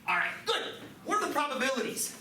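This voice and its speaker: A man teaching a math class, lively and joking, with quick asides to his students. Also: very high voice, creaky. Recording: roomy classroom, mic at a distance, background noise.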